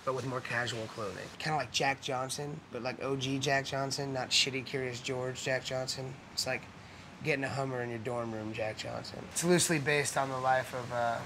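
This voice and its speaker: An actor playing a slacker waiter who wants to be a musician, rambling through improvised comic riffs with sudden shouts. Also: male voice, mid-range voice, fairly even intonation, moderate pace, background noise, lightly acted. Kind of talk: improvised film outtake.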